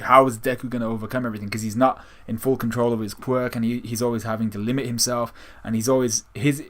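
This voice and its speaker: A man giving a casual spoken manga chapter review, animated, acting out quotes with slang and laughs, with many restarts. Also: medium pitch. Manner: frequent restarts and swearing.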